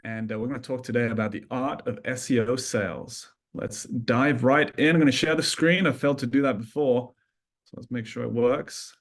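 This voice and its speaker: A man's voice: medium pitch, fairly even intonation. A man hosting a casual sales webinar from an office room, upbeat and teasing his co-host. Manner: upbeat, joking, quick to tease.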